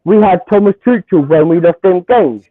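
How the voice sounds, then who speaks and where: A man, a Chelsea fan arguing football in heated banter, animated and repetitive as he talks over the host. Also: sits high, moderate pace, phone-quality sound. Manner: animated, repeats himself, talks over others.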